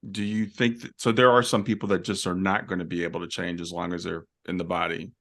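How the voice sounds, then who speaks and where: A man hosts an interview, asking slow, thoughtful questions that trail and restart. His low voice has a gravelly, creaky texture. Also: level tone, a bit bright. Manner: thoughtful, hesitant questions with many affirmations. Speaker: podcast host, interviewer. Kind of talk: casual interview conversation.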